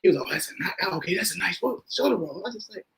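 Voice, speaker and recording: Man, high bright voice, lively, casual podcast talk. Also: racing, gravelly. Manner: animated storyteller, acts out quotes, laughs often. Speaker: co-host. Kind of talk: casual chat.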